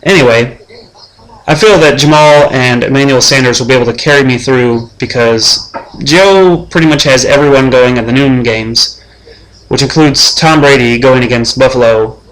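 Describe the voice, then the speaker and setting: A young man hosting a mock sports-show preview as his fantasy football league's commissioner, trash-talking the other players in a deadpan way. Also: mid-range voice, moderate pace, poor audio.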